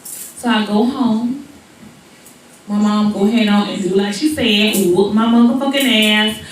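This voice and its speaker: A woman in her forties doing stand-up storytelling, animated and rhythmic with repeated asides, in an echoey venue heard from far off. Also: mid-range voice, unhurried, a little hiss or hum. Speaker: stand-up comedian. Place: comedy venue.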